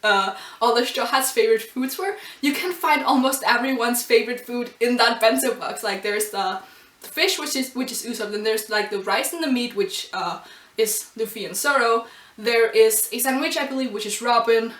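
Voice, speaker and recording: A woman's voice: a little high, normal speed, a bit bright. Gushing woman reviewer, roomy and distant. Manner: gushing and emotional, with frequent ums and laughs. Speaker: anime and manga reviewer. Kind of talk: casual video review.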